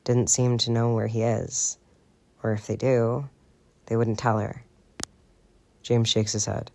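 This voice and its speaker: A man's voice: medium pitch, flat delivery, measured pace, creaky, darkish tone, no echo. A man narrating a fan fiction audiobook expressively, with chatty asides to listeners.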